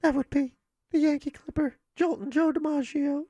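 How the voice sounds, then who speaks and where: A woman putting on a high, fluttery starlet voice that swoons and sighs. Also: fairly even intonation, moderate pace, dark tone, dry recording, lightly acted. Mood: swooning. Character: breathy swooning Marilyn-style starlet, woman.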